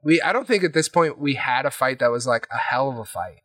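A man's voice: mid-range voice, brisk, no room sound. A man on a podcast recapping a tabletop game session in casual chat, swearing freely and acting out what others said. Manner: animated, swears often, acts out quotes.

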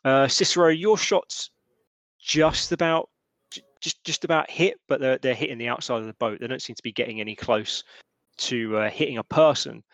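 A man's voice: medium pitch, fairly bright tone, dry recording. Dry-voiced man running a tabletop game. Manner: halting, lots of restarts and fillers. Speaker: game master.

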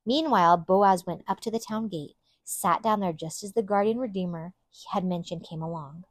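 A woman's voice: mid-range voice, normal speed, dry recording. A woman hosting a Bible teaching podcast, earnest and enthusiastic, who stresses her points by repeating them. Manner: earnest and enthusiastic, with emphatic repetition.

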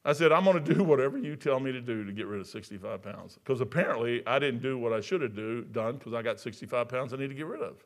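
A man's voice: mid-range voice, fast talker, few pauses. A man, preaching a sermon in a folksy, storytelling way. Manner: folksy, storytelling, gets loud and animated telling jokes.

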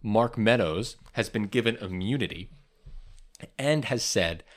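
Guy with a lowish voice hosting a news podcast, lots of ums and restarts. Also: animated, measured pace. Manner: reads news notes with many ums and restarts. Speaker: podcast host. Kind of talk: casual news chat.

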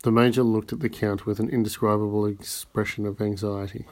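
A man's voice: on the low side, flat delivery, brisk, hardly any pauses, a little mellow. A man reading a classic novel aloud as an amateur audiobook narrator, with occasional slips and restarts. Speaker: audiobook reader.

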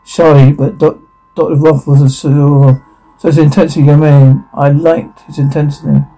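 A man's voice: fairly high pitch, flat delivery, normal speed, dark tone, faint music behind, low-quality recording. A man voicing a shy, lonely woman teacher who is smitten with a colleague, reading a radio play aloud in an earnest, wistful way.

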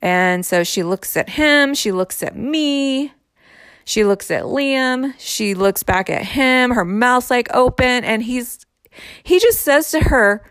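A woman casually telling a personal story in a reflective, unhurried way, often saying "like". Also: on the high side, expressive, a bit bright, clean tone, dry recording. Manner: unhurried, reflective, heavy use of "like". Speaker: storyteller sharing her own experience.

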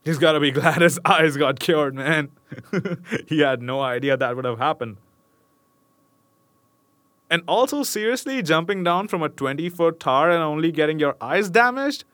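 A man's voice: on the high side, moderate pace, pauses often, fairly bright tone, no room sound. A young man casually reading a fairy tale aloud, stopping to joke and chuckle between passages. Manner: laid-back, joking, chuckles between asides. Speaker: storyteller.

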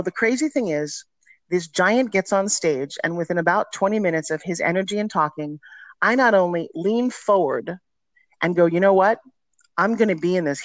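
Her voice lowish and free of echo, a middle-aged woman shares frank stories in a podcast interview. She speaks energetically, stressing her points.

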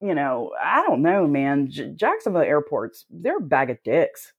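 A woman's voice: low-pitched, very animated, moderate pace, gravelly, breathy edge, dull audio. A woman chatting casually on a podcast, talkative, swearing freely and laughing along. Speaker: podcast co-host. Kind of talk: casual chat. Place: Southern US, Florida.

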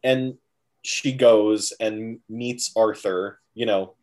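A man co-hosting a casual podcast chat, recapping a film in an animated, jokey way and acting out characters' lines. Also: fairly low pitch, extremely slow. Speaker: podcast co-host.

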